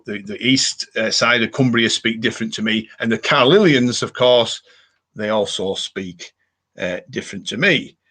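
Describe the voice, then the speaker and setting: A man's voice: mid-range voice, a bit bright. A man hosting a casual live stream, reading viewer comments aloud and rambling with many fillers and restarts.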